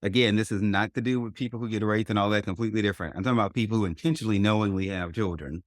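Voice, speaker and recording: A man's voice: fairly low pitch, racing, no echo, studio quality. A man hosting a podcast, talking in a blunt, crude and opinionated way. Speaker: podcast host. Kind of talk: casual podcast chat.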